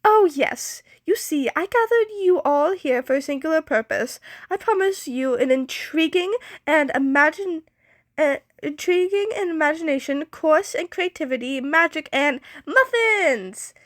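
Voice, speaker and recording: A woman's voice: sits high, very animated, normal speed, dry recording, clean studio sound. A woman reading fan fiction aloud, voicing a flamboyant young male prince who speaks in a grand, dramatic, commanding way. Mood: theatrical.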